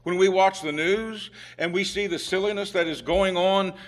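A man preaching a sermon in a conversational way, with fillers and restarts, who rises to loud, emphatic pleading when he voices the prophet's cries. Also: sits high, steady tone, normal speed.

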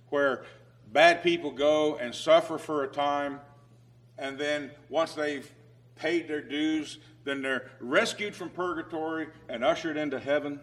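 A man with a fairly high voice preaches a sermon, his loudness swinging emphatically. He reads scripture aloud in old-fashioned biblical phrasing.

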